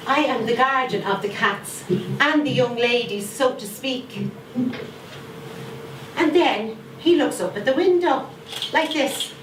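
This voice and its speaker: An actress performing an older widowed grandmother who fiercely guards her garden and its cats, telling her story with slow, emphatic repetition. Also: high voice, a bit bright. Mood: scolding. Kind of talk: theatre monologue. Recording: echoey room, far from mic, faint noise.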